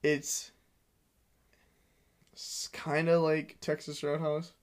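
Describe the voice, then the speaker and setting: A man's voice: a little high, completely flat delivery, drawn-out words. A young man co-hosting a podcast, chatting casually in a nasal voice and laughing often. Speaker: podcast co-host. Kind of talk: casual chat.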